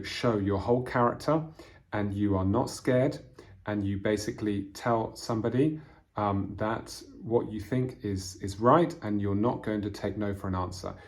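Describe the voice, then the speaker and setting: A man with a very low voice walks through storybook vocabulary like a patient English teacher. He explains each word in plain terms and often pauses on fillers as he thinks. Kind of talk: vocabulary lesson reading from a storybook.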